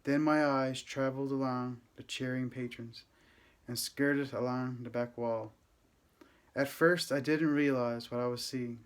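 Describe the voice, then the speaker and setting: A man reading a first-person novel aloud, with steady, gentle, unhurried storytelling. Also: mid-range voice, clear, resonant tone. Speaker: audiobook reader.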